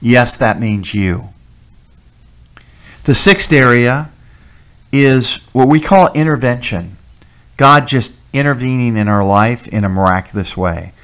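A man preaching as a deacon who tells personal testimony stories in an animated way, repeating key words for emphasis. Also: medium pitch, a little slow, pauses often, clean tone. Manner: animated storyteller, emphatic repetition.

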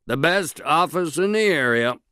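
A man's voice: fairly high pitch, expressive, unhurried, pushed and bright, smooth, dry recording, clean studio sound, voice pushed up. A man voicing a serious, blunt male lawyer who mentors a newcomer, speaking in short, curt lines.

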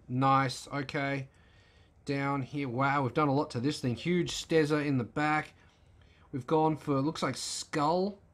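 Slow, wry man flipping through a car magazine. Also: fairly high pitch. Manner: laid-back, wry, opinionated asides. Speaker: car channel host. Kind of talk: casual magazine flip-through commentary.

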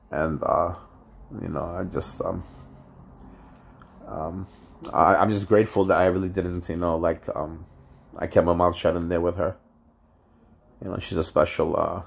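A man talking to his vlog audience in a halting, rambling way, full of fillers and restarts, upset and frustrated. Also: low voice, creaky. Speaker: vlogger. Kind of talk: casual vlog monologue.

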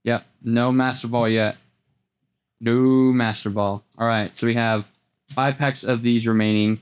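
A man at an everyday middle pitch chats through a card pack opening, naming each card as it turns up. He stumbles and repeats himself and then breaks into sudden excited highs. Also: measured pace, clear, resonant tone. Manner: chatty, repeats words, jumps into excited highs. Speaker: host opening trading card packs. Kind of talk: casual unboxing commentary.

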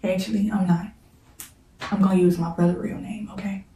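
Emotional woman with a mellow voice, recorded in an echoey room. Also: mid-range voice, fairly even intonation. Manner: halting, repeats "like", prays between passages. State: holding back tears. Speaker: storyteller vlogger. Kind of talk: emotional personal storytime. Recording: roomy, echoey room mic set at a distance.

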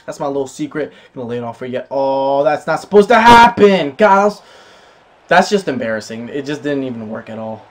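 A young man commentating his own football video game match, excitable, calling his viewers boys and bursting into shouts at big plays. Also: medium pitch, normal speed. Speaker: gaming YouTuber.

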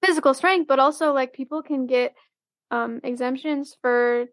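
A woman co-hosting a relaxed podcast, talking in loose, rambling sentences full of fillers. Her voice sits high and is recorded dry and close. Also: normal speed, dry recording. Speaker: podcast co-host. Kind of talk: casual podcast chat.

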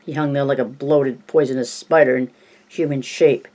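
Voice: medium pitch, fairly even intonation, moderate pace, a little mellow. Plain-voiced amateur audiobook reader. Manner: unpolished reading with coughs and self-corrections.

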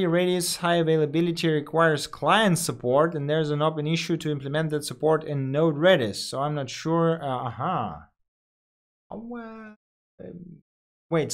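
Man coding while thinking aloud. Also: fairly high pitch. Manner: thinks aloud with frequent fillers and self-corrections. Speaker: programmer coding on screen.

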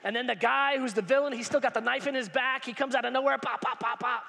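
A man preaching a lively sermon, acting out dialogue and rising to shouts. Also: very high voice, fast, creaky, long reverb tail. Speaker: pastor. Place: large church hall.

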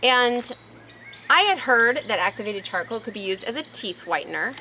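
A woman co-hosting a casual couple's video, telling stories in an animated, emotional way. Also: fairly high pitch, normal speed, slight background noise. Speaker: co-host of a couple's channel. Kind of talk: casual chat.

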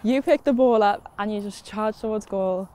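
A woman's voice: mid-range voice, moderate pace, mellow. Eager woman interviewer retelling match moments. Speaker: interviewer for club media. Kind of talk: sports interview questions.

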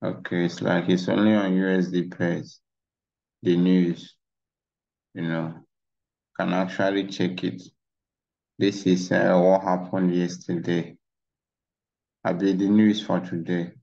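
This trading instructor has a deep, gravelly, darkish voice, and his delivery is flat and slow with frequent pauses. He rambles through his charts in a casual screen-share tutorial, saying "you know" a lot, recorded on a dull lo-fi mic.

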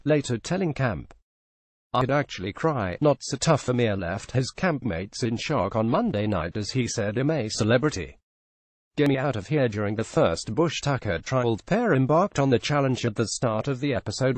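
A man reading out an entertainment news story in a flat, repetitive, read-aloud manner. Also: mid-range voice, dry recording. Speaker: news reader.

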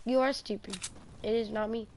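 A woman chatting casually while playing an online game with a friend, excitable and trash-talking, with lots of fillers. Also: on the high side, moderate pace. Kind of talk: casual gaming chat. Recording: noisy stream audio with clicks.

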